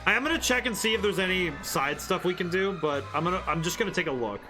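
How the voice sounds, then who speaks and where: A man's voice: high voice, animated, fast talker, over music. A man streaming a game, chatting loosely with viewers and rambling through his thoughts. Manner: rambling, self-correcting, chatty asides to chat. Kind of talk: casual live-stream commentary.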